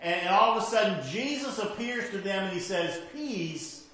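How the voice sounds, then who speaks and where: A man preaching a conversational sermon as pastor, shifting from emphatic to hushed, with frequent restarts. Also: high-pitched, brisk, heavy reverb, low-quality recording.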